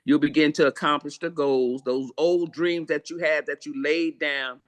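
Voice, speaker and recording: A woman's voice: low-pitched, fairly even intonation, moderate pace. Casting: older woman, memoir author guest, earnest, repetitive, preacherly rhythm. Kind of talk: heartfelt interview answers.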